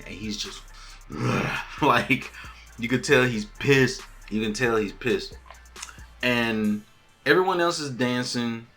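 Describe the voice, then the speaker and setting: Give me a man telling a TV recap like a story, lively and casual, with music faintly behind. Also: medium pitch. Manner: animated storytelling, acting out quotes in different voices. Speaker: podcast host.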